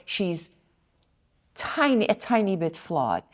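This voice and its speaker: A woman's voice: on the low side, sing-song, takes it slowly. A woman interviewer at a convention, asking earnest questions and affirming her guest's answers.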